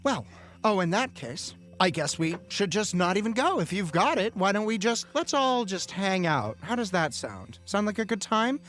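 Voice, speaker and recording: A man voicing an impatient, bossy mother who scolds with sharp sarcasm. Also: high voice, big pitch swings, normal speed, soft background music. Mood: scolding.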